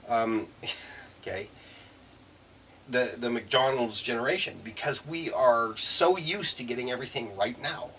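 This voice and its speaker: A man's voice: mid-range voice, a little slow, pauses often, a bit bright. A man talking casually to camera in a reflective vlog, rambling and correcting himself with frequent chuckles. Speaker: vlogger. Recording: mic a bit far, faint room noise.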